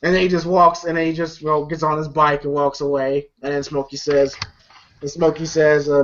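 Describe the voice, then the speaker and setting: A movie reviewer retelling a film's scenes in a casual, excited way, swearing freely and repeating words as the story tumbles out. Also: mid-range voice, brisk. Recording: dull lo-fi recording.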